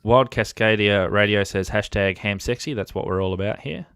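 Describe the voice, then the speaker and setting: An Australian man hosting a relaxed live-stream chat, with a smooth, fairly low voice. He jokes and laughs easily and reads out viewers' comments. The sound is dry and close. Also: moderate pace, no echo. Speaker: host of a ham radio channel.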